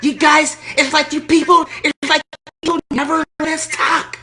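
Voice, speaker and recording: A man voicing an angry, entitled middle-aged woman on a prank phone call, loud and crude, talking over the other person. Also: very high-pitched, level tone, normal speed, a little hiss or hum, voice pushed up, heavily acted. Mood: indignant.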